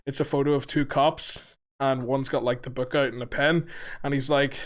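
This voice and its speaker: A man's voice: mid-range voice, fairly even intonation, moderate pace. A young man co-hosting a casual podcast. He rambles through his points with plenty of fillers and casual swearing. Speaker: podcast co-host. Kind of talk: casual chat.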